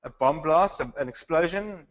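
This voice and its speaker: A man's voice: a little high, moderate pace, poor audio. A man teaching a Bible class in a conversational lecture style, asking the class questions and restarting his sentences. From South Africa.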